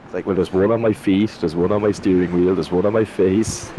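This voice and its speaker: A man's voice: low-pitched, steady tone, fairly quick, warm tone, slight background noise, low-quality recording. A man with an Irish accent teasing his sim racing teammates in casual voice chat, blunt and swearing freely. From Ireland.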